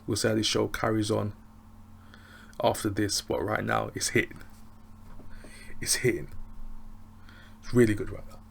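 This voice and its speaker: A man's voice: on the low side, little pitch movement, normal speed, vocal fry, pauses often, a little hiss or hum. An English man reviewing a show in a loose, rambling, chatty way. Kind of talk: casual review chat.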